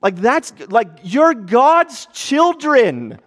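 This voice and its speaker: A man in his thirties, a pastor, preaching in a conversational style that moves between hushed and animated. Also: on the high side, moderate pace, in a large hall. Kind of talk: sermon.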